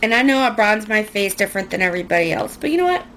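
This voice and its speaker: A woman's voice: mid-range voice, big pitch swings, very fast, a bit bright, a little hiss or hum. A young woman chatting casually through a makeup tutorial at home, rambling and self-mocking. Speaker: beauty vlogger.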